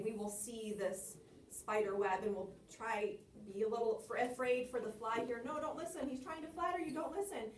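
A woman's voice: mid-range voice, reverberant, far from the mic, slight background noise. A woman teacher coaching a student on reciting a poem, encouraging and asking guiding questions.

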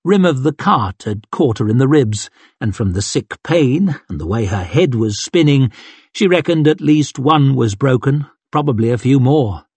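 A man narrating a fantasy audiobook in a measured, dramatic storytelling manner. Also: mid-range voice, animated, darkish tone, breathy edge, no echo. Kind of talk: scripted narration.

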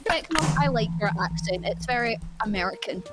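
A woman's voice: mid-range voice, lively intonation, a little fast, background noise. A woman joking and teasing friends in a casual gaming chat over a headset. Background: game music.

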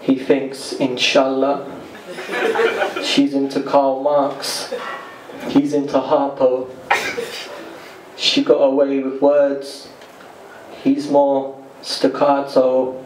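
Man, spoken word poet, deadpan rhythmic delivery, roomy echo, loud background noise. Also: mid-range voice. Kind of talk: spoken word poetry performance. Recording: echoey live room, distant mic, noisy.

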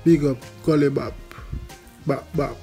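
A man's voice: fairly high pitch, fairly even intonation, measured pace, warm tone, soft background music. A Jamaican man hosting his channel, commenting casually and laughing often. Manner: laughing, amused. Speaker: channel host.

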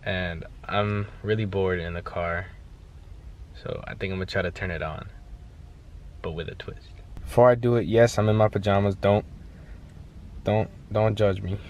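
A man's voice: fairly low pitch, steady tone, normal speed, long pauses, lo-fi sound. Playful young man vlogging in a noisy car. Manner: playful, laughs often. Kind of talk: casual vlog chat. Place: inside a parked car.

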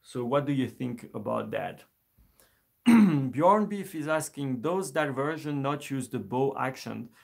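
A man teaching an instrument lesson on a live stream, speaking in a relaxed, hesitant way with many fillers and restarts. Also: mid-range voice, measured pace, vocal fry. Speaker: music teacher.

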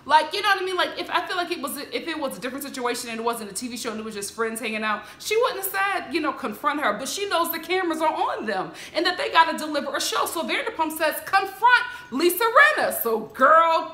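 Female commentator, animated and chatty, fairly high bright voice, roomy echo. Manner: animated, mimics the people she recaps in a higher voice. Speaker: show recap host. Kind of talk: casual commentary.

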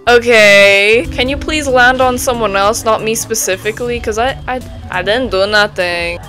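A young woman with a high, bright-pitched voice talks through an online game in a loose, chatty way. She jumps from easy chatter to panicked shrieks. Game music plays under her voice. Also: normal speed. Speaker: gaming streamer. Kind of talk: casual gameplay commentary.

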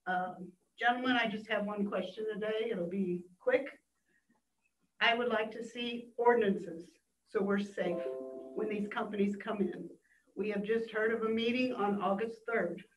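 A woman's voice: mid-range voice, fairly even intonation, normal speed, slight background noise. A woman giving public comment at a board meeting, upset and pleading with the officials. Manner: upset and pleading, rising to emphatic. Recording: distant mic in an echoey room, dull sound.

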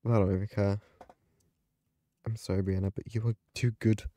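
A man's voice: on the low side, level tone, normal speed, mellow, no room sound. A man giving live gaming commentary, dramatic and panicky, often exclaiming and laughing. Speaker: gaming video creator.

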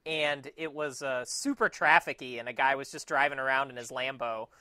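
A man's voice: medium pitch, steady tone, normal speed, bright, forceful tone, no room sound, clean studio sound. A man co-hosting a casual podcast, telling stories and mocking himself. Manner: storytelling, self-mocking. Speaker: podcast co-host. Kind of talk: casual chat.

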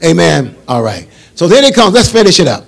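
A man, a bishop, leading a Bible study in a call-and-response preaching style that rises to shouts. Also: a little high, very animated, a little fast, vocal fry.

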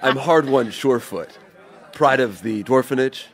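A man's voice: mid-range voice, normal speed, lightly acted. A man voicing a boastful, pompous male dwarf warrior. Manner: pompous, self-important.

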